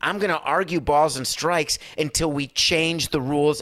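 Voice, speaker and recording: A middle-aged man with a hoarse voice, ranting emphatically and sarcastically as a sports talk show host. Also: a little high, a little slow, hardly any pauses, pushed and bright, no room sound, clean studio sound. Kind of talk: impassioned talk-show rant.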